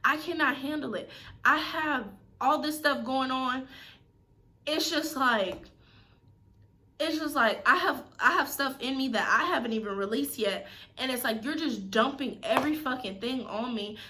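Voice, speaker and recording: A young woman with a bright, fairly high voice vents straight to the camera in a casual, slangy way. She sounds hurt and fed up, close to tears, and keeps circling back and repeating her points with emphasis. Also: normal speed. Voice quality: casual slangy speech with swearing. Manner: upset, emphatic, repeats herself, on the edge of tears. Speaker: vlogger. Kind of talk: emotional venting to camera.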